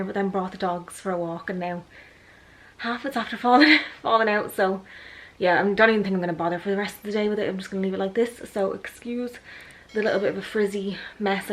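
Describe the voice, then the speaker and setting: A woman's voice: mid-range voice, steady tone, fast, poor audio. A young woman with an Irish accent, chatting through a day-in-the-life vlog, rambling and correcting herself with lots of ums. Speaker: vlogger.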